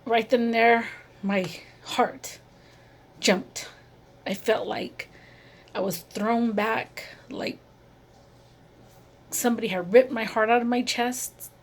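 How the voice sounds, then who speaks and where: A middle-aged woman, a mother, telling her own story in a slow, halting and emotional way, with many pauses and repeated phrases. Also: on the high side, fairly even intonation. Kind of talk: personal testimony to camera.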